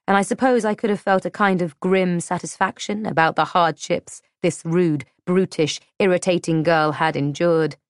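A woman narrating a first-person audiobook in a measured, reflective way. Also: on the low side, no echo, clean studio sound.

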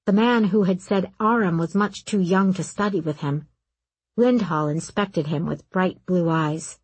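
A woman reading a story aloud, in a calm, steady narration. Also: fairly low pitch, unhurried, husky, no echo. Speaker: audiobook narrator. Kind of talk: scripted narration.

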